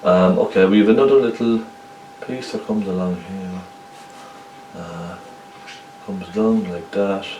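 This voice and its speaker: A man's voice: low-pitched, steady tone, unhurried, pauses often, dark tone, roomy sound, distant mic, a little hiss or hum, rough recording. A man with a Cork Irish accent giving a chatty painting lesson, often checking in with the viewer. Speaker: painting instructor. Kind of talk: casual painting tutorial.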